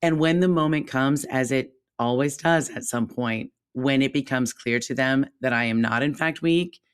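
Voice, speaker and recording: A woman co-hosting a podcast, talking in a reflective, animated way that jumps up when she stresses a point. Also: normal speed, smooth. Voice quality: calls her own voice squeaky. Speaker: podcast co-host. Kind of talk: casual chat.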